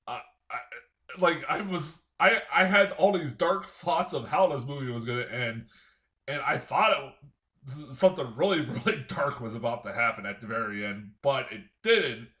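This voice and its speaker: Man, casual film reviewer, rambles and swears, bright voice that swings up and down a lot. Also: mid-range voice, animated, normal speed. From United States. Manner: rambling, profane, chuckling, lots of fillers.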